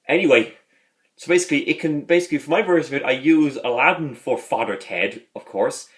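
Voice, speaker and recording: A man talks through a casual review in a loose, enthusiastic ramble. His voice sits at a middle pitch and rises and falls freely. He fills his sentences with fillers. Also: a bit bright. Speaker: video host.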